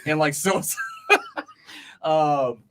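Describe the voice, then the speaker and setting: Man, podcast co-host, casual chat, rambling, filler-heavy, fairly high pitch. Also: huge pitch swings, drawn-out words, noisy background. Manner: rambling, lots of "like" and "bro", laughs easily.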